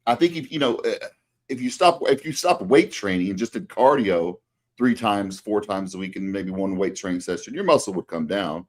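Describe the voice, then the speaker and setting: A man's voice: on the low side, moderate pace. A middle-aged man and fitness coach, co-hosting a casual podcast chat, rambling with many fillers and restarts.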